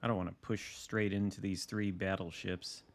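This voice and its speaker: A man's voice: sits low, level tone, moderate pace. A man streaming a naval battle game, chatting casually with dry, wry asides as he thinks aloud. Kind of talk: casual live gameplay commentary.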